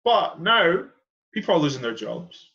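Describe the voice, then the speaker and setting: A man's voice: fairly high pitch, very animated, unhurried, gravelly, bright, forceful tone, highs cut off. A young man hosting a podcast who talks earnestly and with passion, stressing and repeating his key points. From Edinburgh, Scotland. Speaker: podcast host. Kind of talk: earnest conversational monologue.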